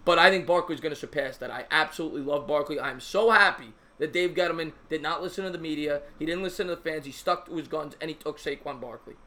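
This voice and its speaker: A man with a higher-than-average, bright, forceful voice hosts a live call-in sports show. He talks in a chatty, easygoing way, apologizes often and teases his callers. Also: quick pace, few pauses. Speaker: sports talk show host.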